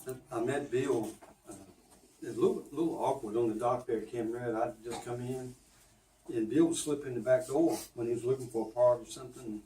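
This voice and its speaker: A man telling a halting anecdote about a coworker in an informal tribute speech. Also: mid-range voice, fairly even intonation, mellow. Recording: echoey room from far off, faint noise.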